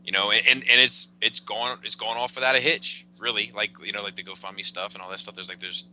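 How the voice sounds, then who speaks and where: Man, podcast co-host, halting casual talk, lowish pitch, very bright sharp tone, faint hum. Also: little pitch movement, rough recording. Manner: halting, many restarts and fillers, swears.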